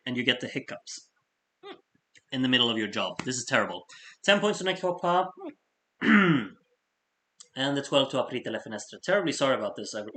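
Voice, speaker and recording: A man's voice: mid-range voice, bright, forceful tone. Hiccuping man reading out vote scores. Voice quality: throat-clearing and sighing. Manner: chatty, apologetic asides between score readouts. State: has the hiccups. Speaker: host reading out fan votes. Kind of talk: casual live-stream commentary.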